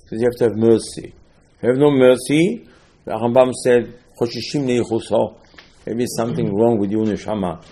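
Male preacher, husky, lively storyteller who shoots up in pitch when worked up. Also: moderate pace. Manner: animated storytelling, rising to excited high-pitched outbursts. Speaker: rabbi. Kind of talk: sermon.

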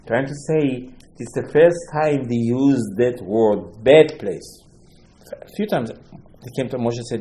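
A man's voice: medium pitch, animated, normal speed, darkish tone, slight background noise. A man teaching a Torah lesson as a rabbi, telling the story with acted-out dialogue, sudden emphatic rises, Hebrew terms and broken English phrasing.

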